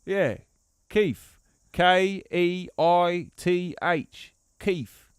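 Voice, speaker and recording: A man putting on a cheeky English pilot character with an East Midlands accent, spouting deadpan nonsense. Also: sits high, very slow, clean tone, no room sound, clean studio sound, pitched above the performer's own voice. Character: chatty English man, self-styled pilot.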